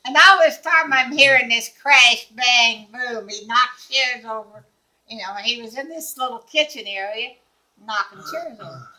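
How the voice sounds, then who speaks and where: An older woman telling a lively personal story, laughing often and acting out the people in it. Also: on the high side, a little slow, low-quality recording. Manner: acts out quoted dialogue. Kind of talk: casual anecdote.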